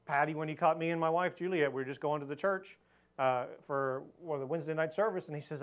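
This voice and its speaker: A man with a fairly high voice teaches a church lesson in a relaxed, conversational way. He tells stories plainly and leans into his points of faith with earnest emphasis. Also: fast. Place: church hall with pulpit.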